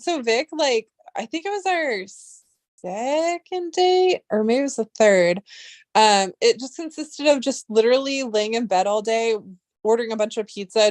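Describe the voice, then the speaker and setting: Young woman streamer, chatty, excitable, swears often, dry close sound. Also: medium pitch, no echo. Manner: rambling, excitable, swears freely. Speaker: livestream host. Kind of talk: casual livestream chat.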